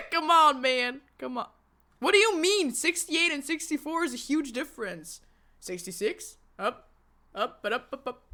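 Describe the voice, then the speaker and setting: A woman's voice: a little high, bright, forceful tone. A woman streamer giving live, joking commentary while she plays a ghost-hunting game and chats to her viewers. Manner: chatty, joking, talks to chat and to a ghost.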